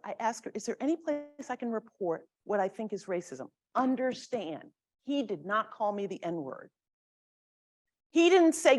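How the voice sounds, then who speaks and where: Animated middle-aged woman telling a story. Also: fairly high pitch. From South Bronx, New York. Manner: animated, conversational, acts out quoted speech. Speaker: guest lecturer. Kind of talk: storytelling lecture.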